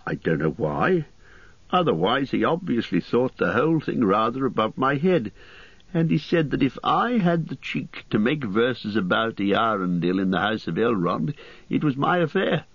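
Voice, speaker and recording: A brisk, chatty old hobbit poet with a teasing edge, as a male audiobook reader puts him on. He jumps up and down in pitch as he talks. The storybook recording is dry and a little dull. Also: big pitch swings, fairly bright tone, slightly rough, no room sound, full character voice. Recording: dry, slightly muffled studio audio.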